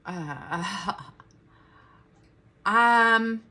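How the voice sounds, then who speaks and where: Slow-talking chatty woman at home. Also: medium pitch, sharp tone. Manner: rambling, talks to her dog, chatty asides. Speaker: vlogger. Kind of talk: casual morning chat. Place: her bedroom at home.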